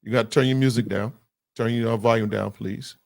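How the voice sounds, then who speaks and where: A man's voice: mid-range voice, steady tone, fairly quick, creaky. A man hosting a call-in radio show, talking in an emphatic, preachy way.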